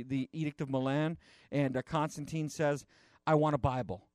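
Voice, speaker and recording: Chatty, animated male preacher. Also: fairly high pitch, dry recording, studio quality. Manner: rambling, chatty, frequent restarts and fillers. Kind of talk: conversational sermon.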